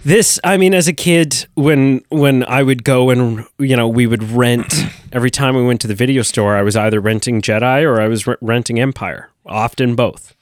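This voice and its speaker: A man's voice: medium pitch, normal speed, hardly any pauses, no room sound, clean studio sound. A man co-hosting a podcast, talking in an enthusiastic, rambling way with many restarts. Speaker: podcast co-host. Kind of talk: casual chat.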